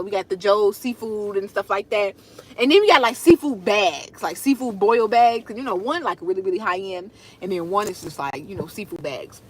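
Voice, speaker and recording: A young woman, chatting casually with her viewers on a livestream as a food content creator. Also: medium pitch. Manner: animated, talks straight to viewers, reads out comments.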